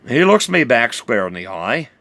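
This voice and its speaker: A man's voice: medium pitch, big pitch swings, normal speed, gravelly, sharp tone, dry recording. A man with a New Zealand accent telling a rambling, drawling yarn full of fillers and self-corrections. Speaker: storyteller.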